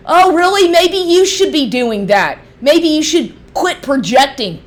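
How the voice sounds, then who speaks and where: A woman's voice: high-pitched, very animated, a little slow. A middle-aged woman ranting angrily into the camera, profane, heated and sarcastic, mocking the man she addresses. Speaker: vlogger. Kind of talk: angry ranting monologue.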